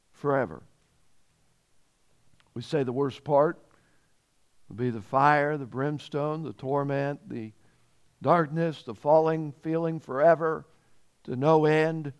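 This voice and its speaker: A man preaching a sermon as pastor, emphatic and repeating phrases, growing louder on key points. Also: fairly high pitch, clean tone.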